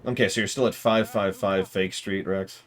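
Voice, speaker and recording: A man's voice: sits low, steady tone, normal speed. A man streaming a game, chatting in rambling asides about what he plays. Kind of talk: casual game commentary.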